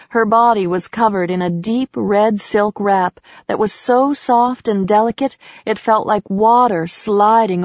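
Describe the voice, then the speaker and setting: Woman reading an audiobook, real slow and even, dry sound kinda muffled. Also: mid-range voice, dry recording. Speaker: audiobook narrator. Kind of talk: scripted narration. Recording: slightly muffled.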